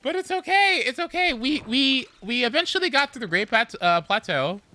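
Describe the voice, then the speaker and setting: A man chatting casually while streaming a game, rambling and animated, with swearing and sudden whoops. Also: extremely high pitch, normal speed. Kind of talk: casual gameplay chat.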